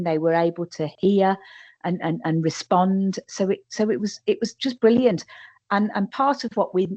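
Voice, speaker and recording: A woman's voice: mid-range voice, a little mellow. Frank English woman on dull webinar audio. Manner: frank, emphatic, repeats words when starting sentences. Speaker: care home manager. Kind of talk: webinar panel talk.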